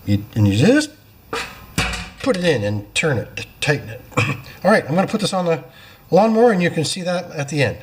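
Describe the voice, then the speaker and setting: On the high side, with big pitch swings, a repair shop owner speaks a little fast but with long pauses as he works on small engines in his workshop. There's a slight hiss or hum, and he casually explains each step while apologizing and joking at his own expense.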